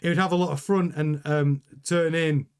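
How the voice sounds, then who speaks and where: A man with a somewhat high voice runs a casual live watchalong stream. He chats loosely with his viewers, rambling and cutting himself off to restart sentences as he reacts to the action. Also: steady tone, moderate pace, clean tone. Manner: chatty, rambling, self-interrupting. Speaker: livestream host reading chat.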